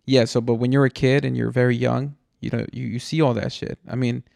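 A man's voice: medium pitch, level tone, brisk, vocal fry, darkish tone, no echo, clean studio sound. A man from Mexico, a podcast host, telling a rambling story in casual chat, swearing and saying "dude" a lot. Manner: rambling and profane, says "dude" often.

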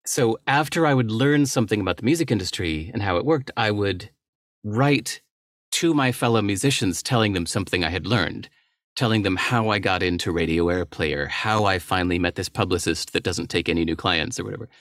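A man's voice: on the low side, brisk, fairly bright tone, dry recording, studio quality. A middle-aged man, a writer and entrepreneur, talking candidly and thoughtfully as a guest on a podcast. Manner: thoughtful, candid, with small laughs and restarts. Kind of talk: reflective interview talk.

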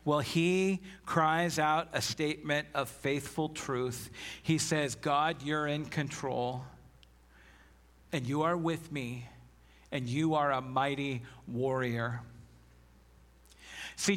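Slow, earnest preaching man. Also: fairly high pitch, a bit bright. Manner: earnest, emphatic preaching, reading scripture aloud. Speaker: pastor. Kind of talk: sermon.

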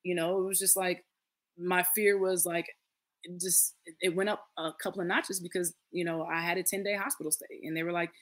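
A woman's voice: lowish voice, level tone, a little fast. A woman in her late thirties, a podcast guest, telling a personal story in casual conversation, earnest and acting out the voices of others. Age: late 30s.

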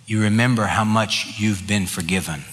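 Emphatic pastor preaching in an echoing hall. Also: male voice, lowish voice, normal speed, fairly bright tone. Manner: emphatic, repeats key phrases. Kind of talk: sermon.

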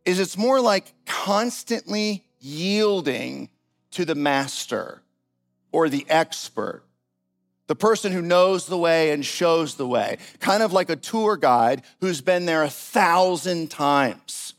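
Guy preaching, super animated and chatty, pretty high voice, soft music playing under him. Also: takes it slowly. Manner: animated, conversational preaching with casual asides. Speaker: pastor. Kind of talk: sermon.

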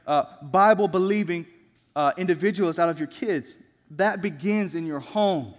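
A young male student pastor delivers an earnest, exhorting sermon. His voice sits high for a man, and he slows down to lean on key phrases. A long reverb from a large church sanctuary trails his words.

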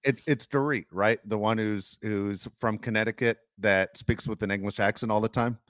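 A man's voice: fairly low pitch, fairly even intonation, normal speed, a bit bright, dry recording. Stammering man in chatty talk. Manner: chatty, stammers and repeats words. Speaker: podcast co-host. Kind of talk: casual chat.

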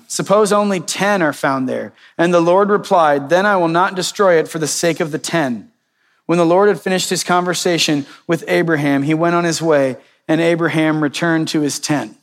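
A male pastor preaching a sermon, reading scripture and retelling it in a conversational way with lively quoted voices. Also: a little high, long reverb tail.

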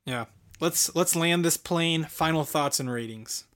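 A man's voice: fairly high pitch, unhurried, fairly bright tone. Man, late twenties, podcast co-host, casual film chat, enthusiastic, rambling. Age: late 20s. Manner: rambling, filler-heavy, enthusiastic.

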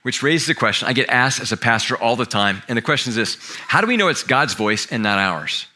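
Bright-voiced conversational male pastor. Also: mid-range voice, lively intonation, a little fast. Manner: conversational, self-deprecating, fond of asides and repeated starts. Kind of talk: sermon.

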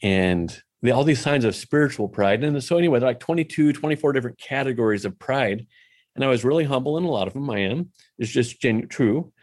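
A man's voice: mid-range voice, expressive, brisk, a little mellow. A man telling a personal faith story in a casual, candid way, poking fun at himself and dropping in lots of "you know" asides.

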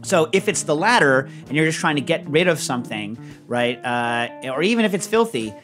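A middle-aged man hosts a loose, chatty show, rambling through stories with plenty of fillers and restarts. His voice sits a touch higher than most men's, and faint music plays underneath. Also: moderate pace. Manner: rambling, animated storyteller with many fillers. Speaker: podcast host. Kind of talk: casual chat.

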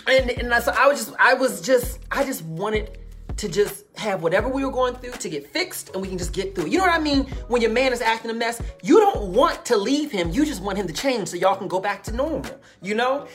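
A woman telling a personal story in a casual, animated way, calling the listener baby and honey. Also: on the high side, a little fast, soft background music.

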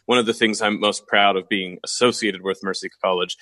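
A man's voice: lowish voice, steady tone, a little fast, a bit bright, dry recording, low-quality recording. A man co-hosting a radio talk show, joking easily with his co-host and addressing listeners as folks. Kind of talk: casual radio talk chat. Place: studio.

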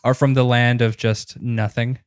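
A young man co-hosting a podcast, talking in a relaxed, rambling way with a lot of restarts. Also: medium pitch, unhurried, clean tone, dry recording, studio quality. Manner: laid-back, rambling, frequent restarts. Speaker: podcast co-host. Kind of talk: casual chat. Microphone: close podcast mic, dry.

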